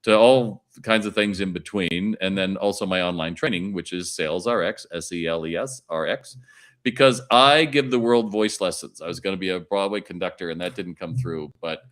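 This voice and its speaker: A middle-aged man with a fairly low voice talks as a podcast guest. He spins stories about shopping and selling, jumping into little acted-out exchanges between customer and clerk. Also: moderate pace. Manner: animated storyteller acting out dialogue. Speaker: retail consultant and keynote speaker.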